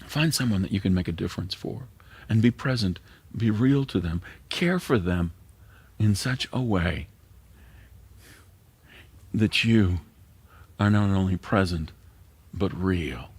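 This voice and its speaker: A man's voice: sits low, animated, unhurried, pauses often, breathy edge, no echo. A middle-aged man, a pastor preaching an earnest sermon that sometimes drops to a near whisper.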